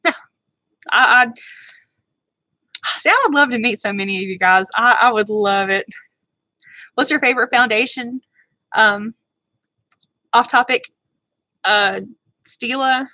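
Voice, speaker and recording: A woman beauty vlogger chats with her viewers during a casual livestream. Her voice is bright and forceful and sits a little high. She rambles, gets fired up and talks quickly, in a dry, close sound. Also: no echo, rough recording.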